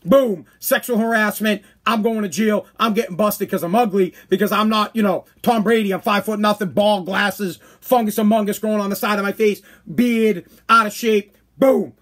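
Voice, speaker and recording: Crude high-voiced man ranting. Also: moderate pace, hardly any pauses. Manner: blunt, crude and animated, slips into mock voices. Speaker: podcast host. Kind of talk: ranting commentary.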